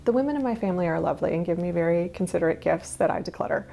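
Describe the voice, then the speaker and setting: A minimalist lifestyle vlogger in her thirties talks very fast in a lowish, creaky, mellow voice with lively intonation. She chats candidly through her minimalist habits, peppered with small laughs and asides.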